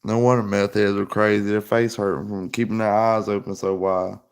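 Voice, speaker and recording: A man's voice: lowish voice, flat delivery, normal speed. A young man casually telling a rambling story, full of fillers. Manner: rambling, loose, lots of fillers. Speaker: podcast host.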